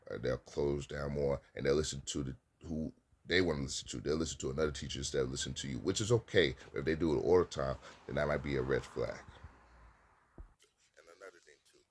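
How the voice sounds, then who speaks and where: A man's voice: extremely low pitch, a little hiss or hum. A man speaking casually as an experienced teacher, giving plain-spoken advice and repeating his points, with sometimes stern commands.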